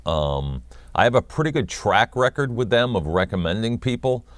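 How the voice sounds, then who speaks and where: Man, 50s, New York accent, very deep voice, lively swooping delivery, dry close sound, wry laid-back guest. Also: moderate pace, no room sound. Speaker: guest, former wrestling announcer. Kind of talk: casual interview chat.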